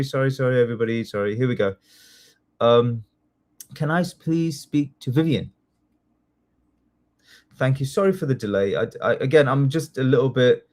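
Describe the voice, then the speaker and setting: A man teaching a live online test-prep class, chatty and excitable, often apologizing as he goes. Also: medium pitch. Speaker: citizenship test tutor.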